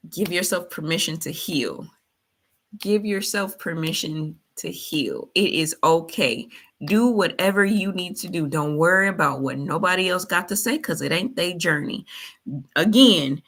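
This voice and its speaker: A woman's voice: lowish voice, fairly bright tone. A woman hosting a motivational faith talk, colloquial, preachy and repetitive. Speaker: host.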